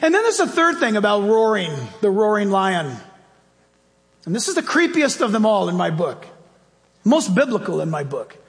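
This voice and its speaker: A man, a pastor, preaching a sermon with animated storytelling and acted-out dialogue. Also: high-pitched, moderate pace, long reverb tail.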